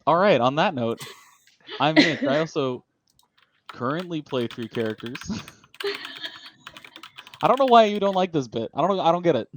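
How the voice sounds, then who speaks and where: A man jokes as a tabletop game player in a lively, swooping voice. He sits a bit above the usual male pitch. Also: moderate pace, long pauses, a little hiss or hum. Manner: animated, joking. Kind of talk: casual tabletop game chat.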